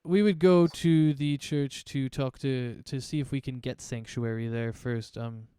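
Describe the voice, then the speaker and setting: Mellow-voiced man rambling through a game. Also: medium pitch, unhurried, smooth, dry recording, clean studio sound. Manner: relaxed, rambling, many fillers. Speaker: tabletop game player. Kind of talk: casual online tabletop game chat. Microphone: online voice chat mic.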